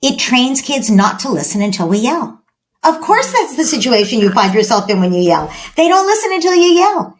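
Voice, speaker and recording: Animated woman parenting expert. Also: a little high, moderate pace. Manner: animated, acts out parent-child dialogues. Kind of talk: podcast interview.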